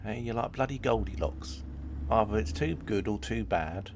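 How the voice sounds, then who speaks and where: A man talks through a game on a live stream, his low voice gravelly and full of fry. He rambles, chats easily with his viewers and keeps giggling at his own jokes. A faint hum of noise sits behind him. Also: lively intonation, moderate pace. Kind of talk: live-streamed gameplay chat.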